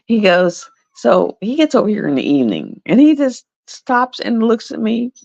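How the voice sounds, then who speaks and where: A woman telling a casual, animated story, laughing often and repeating herself. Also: fairly high pitch, normal speed, gravelly, dry recording, muffled recording. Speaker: livestream host.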